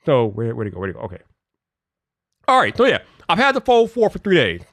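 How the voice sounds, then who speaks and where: A man hosting a casual live stream, greeting viewers one by one by name, laughing often and muttering to himself as he fiddles with his software. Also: mid-range voice, wildly swooping pitch, fast talker, no echo, studio quality.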